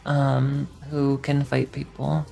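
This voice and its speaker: A woman's voice: a bass voice, completely flat delivery, slow, vocal fry, dark tone, faint music behind. A woman streamer giving a rambling, profane, sarcastic recap in casual chat.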